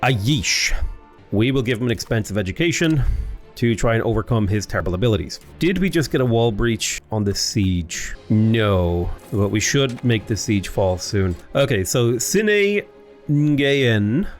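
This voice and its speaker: A man's voice: fairly low pitch, sing-song, measured pace, soft background music. A man chatting his way through a strategy game as a YouTuber, rambling and breaking off mid-sentence. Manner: chatty, rambling, self-interrupting.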